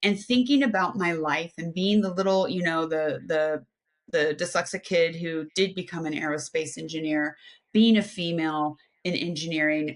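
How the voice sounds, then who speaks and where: A woman in her fifties from the United States, a podcast guest telling her life story with energy, talking at length in long flowing runs. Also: on the low side. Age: 50s. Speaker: guest, aerospace engineer and adventure athlete. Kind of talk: animated personal storytelling.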